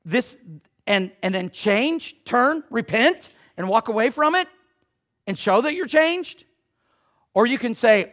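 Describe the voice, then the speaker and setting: Man, pastor, high-pitched, chatty sermon delivery with big swings in volume. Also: expressive, takes it slowly. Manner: conversational preaching, jokes with the congregation, swings from loud to hushed.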